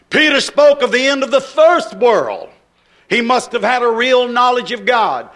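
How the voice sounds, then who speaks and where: A man's voice: very high-pitched, fairly bright tone. A man preaching a sermon with an emphatic, repetitive cadence.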